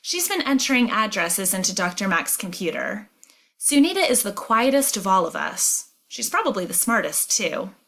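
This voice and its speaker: Teacher lady reading a chapter aloud n stopping to explain stuff, clear and emphatic. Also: medium pitch, sing-song, moderate pace, pushed and bright.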